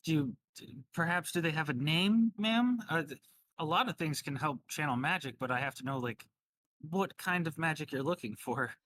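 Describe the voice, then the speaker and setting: A small, eager young shop assistant, as a man puts her on, keen to help and a little fussy. The voice rides above a man's normal pitch, in a tabletop game. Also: normal speed, fairly bright tone. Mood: helpful. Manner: helpful, slightly fussy.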